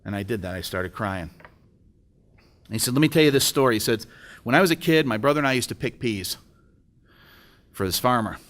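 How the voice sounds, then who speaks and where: A man's voice: mid-range voice, lively intonation, fairly quick, long pauses, a bit bright. A middle-aged man giving an emotional personal testimony at a breakfast event, telling a story and acting out the dialogue. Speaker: speaker at a business breakfast. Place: event hall.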